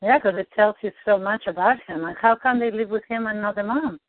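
Gentle questioning woman coach, tinny. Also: medium pitch, fairly quick, dry recording. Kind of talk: guided tapping coaching session. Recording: dry tinny phone-like line.

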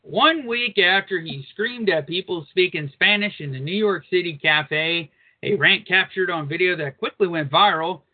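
Man, talk radio co-host, blunt and crude, slightly high pitch, narrow phone-like sound. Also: moderate pace. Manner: crude, blunt, reads news aloud with asides. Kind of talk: casual uncensored talk radio.

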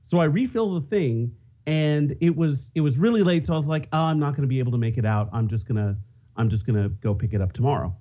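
A man's voice: mid-range voice, animated, quick pace, mellow. A man co-hosting a podcast, telling a rambling story in casual chat with many restarts. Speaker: podcast co-host.

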